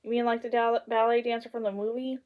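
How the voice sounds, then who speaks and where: A woman's voice: fairly high pitch, flat delivery, quick pace, phone-quality sound, voice pushed up, close to an everyday voice. A woman doing a scared little girl cub. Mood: puzzled. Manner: frightened and wailing, then inquisitive.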